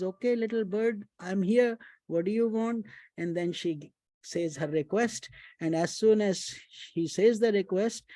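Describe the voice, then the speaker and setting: A man, a spiritual teacher giving an unhurried devotional storytelling talk, chanting mantras and mixing in Hindi phrases. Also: high-pitched, warm tone, no room sound.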